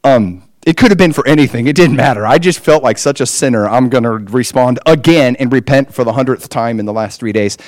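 Man preaching an animated testimony. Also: medium pitch, fairly quick, few pauses, no room sound. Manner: animated storytelling, emphatic rises. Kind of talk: personal testimony sermon.

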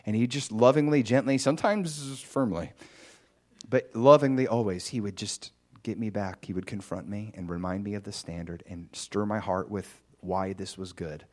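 This sermon comes from a man telling his own story of faith with vivid animation and sharp, excited jumps in pitch. He speaks at a moderate pace.

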